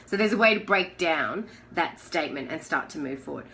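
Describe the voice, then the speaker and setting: A woman's voice: low voice, lively intonation, brisk, a bit bright, slight background noise, rough recording. A woman giving a casual live coaching talk in a chatty, conversational way, asking the listener questions. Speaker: life coach.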